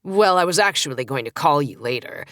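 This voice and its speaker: A woman's voice: sits low, lively intonation, brisk, a bit bright, no room sound, clean studio sound. A woman voicing a man who works as a lab tech and speaks in a boring drawl. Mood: matter-of-fact.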